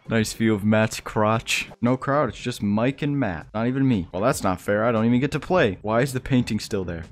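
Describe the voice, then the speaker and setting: A young man giving casual gameplay commentary, excitable and jokey, often laughing. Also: fairly low pitch, normal speed, soft background music. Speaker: gaming YouTuber.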